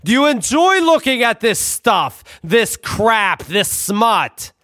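A man's voice: very high-pitched, sing-song, takes it slowly, pushed and bright, no echo, clean studio sound, pitched above the performer's own voice, heavily acted. A man voicing a strict, pompous father who speaks formally and dramatically. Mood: outraged.

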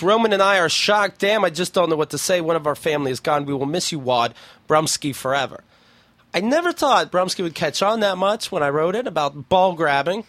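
A man's voice: fairly high pitch, a bit bright, dry recording. A man hosting a podcast, chatting casually and reading forum posts aloud in a wry, blunt way, swearing freely. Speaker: podcast host.

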